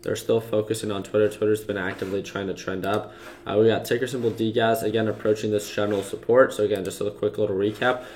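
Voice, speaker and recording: A young trading livestream host talks at a quick pace in a lowish, a little mellow voice with fairly even intonation. His casual market commentary for live viewers is loose, packed with fillers and restarts as he walks through charts, and slight background noise is present.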